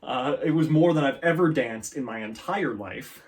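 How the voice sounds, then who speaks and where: A young man talks through an interview at an ordinary middle pitch, stopping and restarting with plenty of fillers. He laughs easily and keeps a casual tone. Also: animated, normal speed, a little mellow. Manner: hesitant, many fillers and restarts, laughs often. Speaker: guest, student performer.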